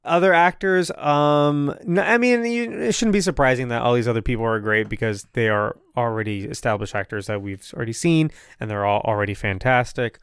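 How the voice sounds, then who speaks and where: A young man co-hosting a casual film review podcast, animated and jokey, swearing freely. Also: mid-range voice, a little fast, hardly any pauses, smooth, no room sound, clean studio sound. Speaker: podcast co-host.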